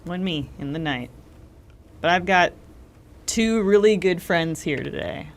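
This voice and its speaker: A woman in casual gaming banter, deadpan and quick with puns. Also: on the low side. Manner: deadpan, punning. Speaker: gaming group member.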